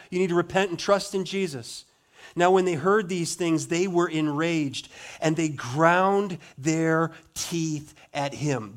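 A male pastor preaching a sermon dramatically, slowing down for emphatic stresses and dropping to soft asides. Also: fairly high pitch.

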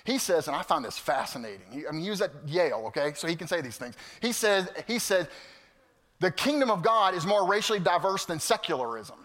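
Bright preacher guy, goes loud then real quiet, big church echo. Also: high-pitched, brisk. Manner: animated, storytelling, swings from loud to hushed. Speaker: pastor. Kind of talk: sermon. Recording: long hall reverb.

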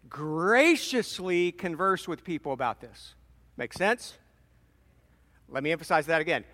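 A pastor preaches in a wry, conversational way and presses on the words he wants to stress. His voice is high and bright, and the long reverb of a big church hall trails after each line. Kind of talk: sermon.

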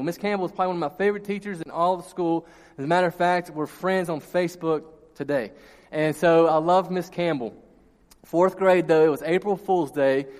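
Male pastor, animated sermon storyteller, a bit high-pitched, reverberant church hall. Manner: storytelling, animated, laughs at own jokes. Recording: long reverb in a large hall.

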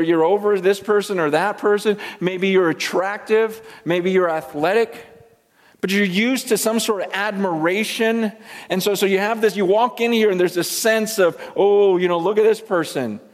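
Male pastor, fairly high voice, dramatic emphatic delivery with hushed asides, sermon in a reverberant church sanctuary. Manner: emphatic, swings between loud and hushed, repeats words. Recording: long reverb from a large hall.

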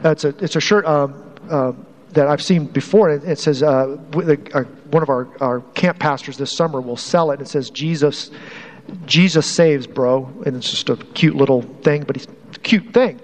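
Male pastor giving a chatty sermon, fairly high voice, lots of restarts, long echo in the room. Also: normal speed. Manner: conversational preaching, repeats phrases, some restarts.

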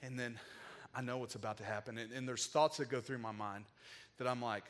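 A man's voice: medium pitch, steady tone, a little fast, fairly bright tone. A man preaching a sermon, telling a heartfelt personal story in an emotional, casual way with frequent filler words. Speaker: pastor.

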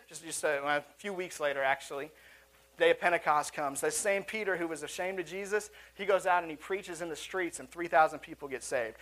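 Male pastor, sermon, church auditorium, earnest conversational delivery, high-pitched voice. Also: pushed and bright. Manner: earnest, conversational preaching with asides and restarts.

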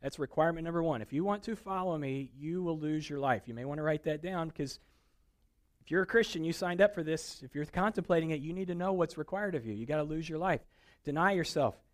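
Pastor, male, lively casual sermon delivery, slightly high voice. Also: quick pace. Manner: animated, conversational preaching with acted-out quotes.

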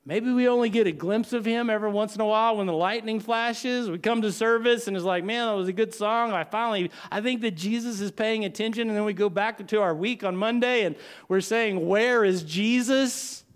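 A male pastor preaching a sermon dramatically, swinging from loud lines to hushed ones with long pauses. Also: high-pitched, smooth.

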